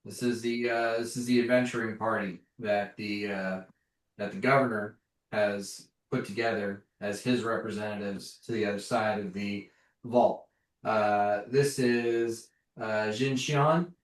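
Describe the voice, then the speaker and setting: A brisk, friendly guard captain, as a man puts her on in a tabletop game, halting and full of fillers as she makes introductions. The talk sounds slow and unhurried. It comes from a roomy space with the mic set well back. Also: on the low side, fairly even intonation, distant mic, lightly acted.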